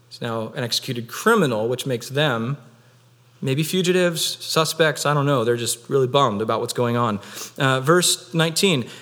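A young man delivers an Easter sermon in a relaxed, chatty way. His voice sits at a middle pitch, and he keeps dropping in fillers as he talks. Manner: casual, conversational, many fillers. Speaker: pastor.

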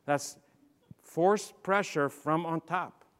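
A middle-aged man giving a motivational leadership talk, telling stories and swinging from quiet asides to loud, emphatic bursts. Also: on the high side, slow pace. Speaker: speaker. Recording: long hall reverb.

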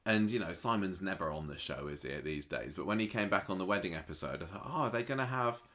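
A man's voice: deep voice, lively intonation, fast talker, fairly bright tone. A British man co-hosting a podcast, chatting with opinions on the soap and laughing easily. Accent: British English. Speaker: podcast co-host. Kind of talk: casual soap recap chat.

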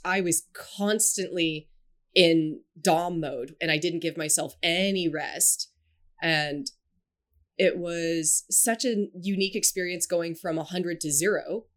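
A woman chatting casually as a podcast guest, giggling often and rambling with plenty of fillers. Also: on the low side. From Scotland and China. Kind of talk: casual chat.

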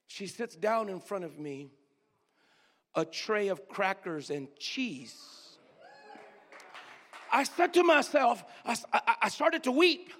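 Pastor, man, high-pitched, storytelling sermon, dynamic from booming to whispered, long church reverb. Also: big pitch swings, normal speed. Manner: swings between loud outbursts and hushed near-whispers. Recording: long reverb of a large hall.

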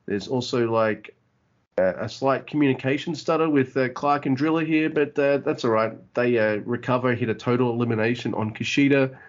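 A man with an average-pitched voice recaps a match for a podcast, casual and full of uhs and likes. He curses cheerfully when something impresses him. The sound is dull and lo-fi. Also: normal speed. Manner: enthusiastic, filler-heavy, swears casually. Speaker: podcast co-host.

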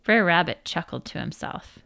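Woman reading a kids story out loud, really animated voice, bouncy. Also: on the low side, normal speed, creaky. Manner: lively, expressive reading. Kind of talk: storybook read-aloud narration.

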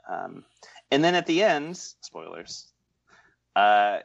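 A man's voice: fairly low pitch, big pitch swings, slow pace, creaky, no room sound. Man, podcast co-host, sarcastic, rambling, dry and muffled sound. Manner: sarcastic, rambling, repeats himself. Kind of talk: casual film podcast chat.

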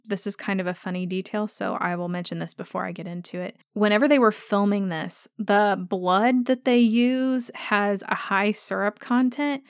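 A woman's voice: mid-range voice, steady tone, dry recording, studio quality. A woman hosting a fan podcast, gushing with enthusiasm as she talks through a favorite episode in casual chat. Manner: gushing and enthusiastic, speeding up in rushes. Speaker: podcast host.

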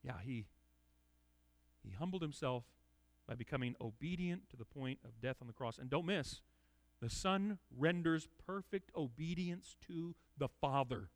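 A man's voice: mid-range voice, animated, a little slow, no echo. A man giving an expository sermon in an earnest, emphatic way, often repeating words as he restarts. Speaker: preacher.

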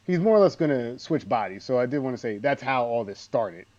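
A man's voice: medium pitch, sing-song, fairly quick, darkish tone, lo-fi sound. A man co-hosting a podcast, talking casually about a film with rambling, dry asides. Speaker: podcast co-host. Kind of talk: casual movie recap chat.

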